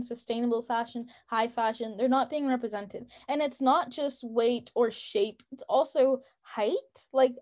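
A woman's voice: fairly high pitch, darkish tone. A young woman co-hosting a podcast, talking in a casual, opinionated and emphatic way with lots of "like" fillers. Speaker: podcast co-host.

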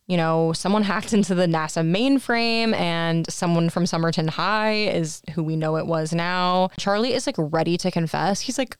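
A woman's voice: lowish voice, clear, resonant tone, no room sound, studio quality. A woman co-hosting a podcast, chatting casually as she recaps a film and acts out its lines. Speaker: podcast co-host. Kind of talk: casual movie recap chat.

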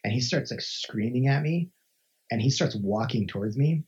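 A man from Montana, a podcast guest, telling a story in a lively, conversational way and acting out the voices he quotes, with many filler "like"s. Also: medium pitch, moderate pace, husky. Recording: dull lo-fi recording.

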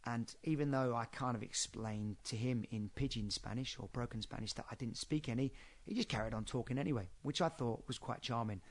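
A man's voice: medium pitch, a little fast. A man hosting a podcast, giving a casual spoken lesson in a chatty, rambling way with lots of fillers. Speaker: podcast host.

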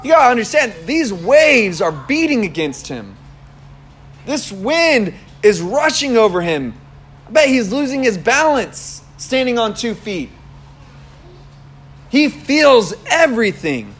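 A man's voice: extremely high pitch, sing-song, takes it slowly, a bit bright, husky. A young man giving a casual, conversational sermon, telling stories animatedly and laughing often. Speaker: preacher.

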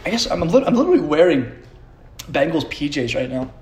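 A man's voice: a little high, big pitch swings, quick pace, a little mellow. Rambling, profane young man. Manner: profane, self-mocking, laughs often. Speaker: podcast host. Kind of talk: rambling solo podcast chat.

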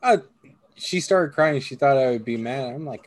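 A man in his thirties, mid-pitched, tells crude stories in a loose podcast chat and throws himself into the voices of everyone in them. The recording is dry and close, with no room sound. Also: a little slow, no room sound. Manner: crude, animated storyteller who acts out quoted voices. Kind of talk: casual chat.

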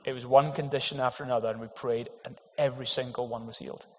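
A man's voice: medium pitch, fairly even intonation, quick pace. A man preaching a sermon, earnest and emphatic, with rhetorical questions to the congregation. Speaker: pastor. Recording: long hall reverb.

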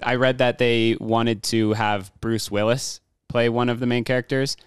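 A man's voice: medium pitch, level tone, a little slow, smooth, dry recording, clean studio sound. A man casually discussing a war film with friends, rambling with many fillers and restarts. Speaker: podcast co-host.

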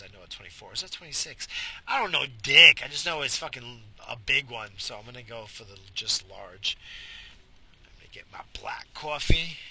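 A man's voice: mid-range voice, sharp tone, slight background noise. A man podcasting while he drives, rambling crudely and profanely into a head-mounted mic. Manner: profane, rambling, mock-theatrical. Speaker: podcast host. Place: car, driving.

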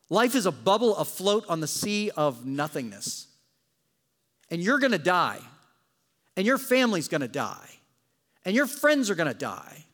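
A male pastor preaching in a church with a high voice that swings up and down. He tells the story dramatically and drops in jokes. The sound carries a long hall reverb. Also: measured pace, long pauses. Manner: animated, dramatic storytelling with joking asides. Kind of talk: sermon.

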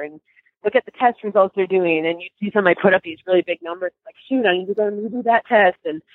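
A young woman telling a story in a casual interview, animated and emotional, with many restarts and laughs. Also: fairly low pitch, no echo. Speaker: guest. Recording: dry, tinny phone-like line.

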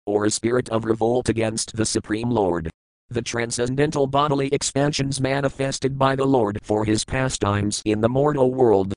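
A man's voice: medium pitch, dry recording, low-quality recording. Man reading scripture in a dry room. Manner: steady recitation, slower when reading word meanings. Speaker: scripture reader. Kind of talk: scripted reading of verses and commentary.

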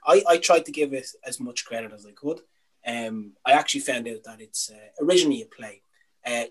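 A man's voice: mid-range voice, husky, rough recording. A young Irish man co-hosting a casual podcast, opinionated and ranting, with some swearing. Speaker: podcast co-host.

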